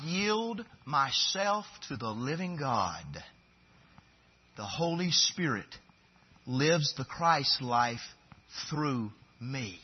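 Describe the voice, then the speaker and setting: A man preaching a sermon as pastor, swinging from loud, emphatic declarations to quiet, low asides. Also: very animated, drawn-out words, husky, highs cut off.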